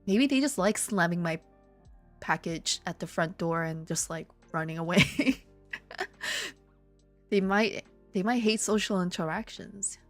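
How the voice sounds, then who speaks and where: A woman chatting casually with her viewers, telling stories with swearing, laughter and sudden high excited outbursts. She lives in Korea. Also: a little slow, long pauses, soft background music. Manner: animated storytelling, swearing, laughing, jumps to high excited exclamations. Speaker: streamer. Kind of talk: casual chat reading viewer comments.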